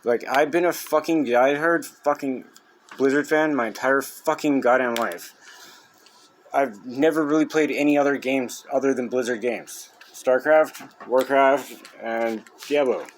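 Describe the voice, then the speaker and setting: A young man rants furiously to camera, swearing nonstop and breaking into loud outbursts. His voice sits at an ordinary middle pitch. A faint ambient hum sits in the background. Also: a little slow. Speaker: gamer venting on video. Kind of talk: angry rant to camera.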